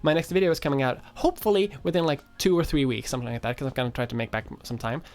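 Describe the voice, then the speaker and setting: A woman's voice: extremely low pitch, racing, a little mellow. A woman from Sweden with a light Swedish accent, a streamer chatting casually, reading viewers' comments aloud and answering them offhand, with casual swearing. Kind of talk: casual livestream chat.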